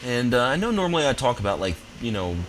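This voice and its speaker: A young man commentating his gameplay from a home office, telling a story in a relaxed, rambling, amused way. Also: medium pitch, fast talker, background noise. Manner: laid-back, rambling, amused. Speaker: gaming commentator. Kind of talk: casual storytelling over gameplay.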